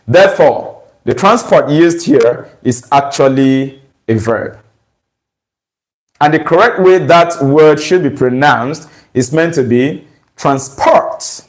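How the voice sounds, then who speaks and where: A man with a slightly high voice, captured on poor audio, teaches English grammar. He works slowly and deliberately through exam questions, checking understanding with rhetorical questions.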